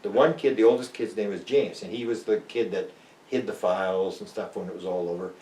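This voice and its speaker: An older man from Canada, a guest in an interview, telling stories casually and acting out the people in them with lively jumps in his voice. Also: fairly quick, a little hiss or hum. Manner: animated, acts out quoted people with big pitch jumps. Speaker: interview guest, UFO researcher. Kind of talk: casual storytelling. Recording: roomy, distant mic.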